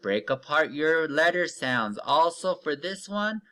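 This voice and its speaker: Male reading teacher for young kids, slightly high voice, drawn-out phonics modeling. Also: big pitch swings, bright, forceful tone. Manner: slow, stretched-out modeling of words with patient step-by-step cues. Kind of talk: recorded online reading lesson for young children.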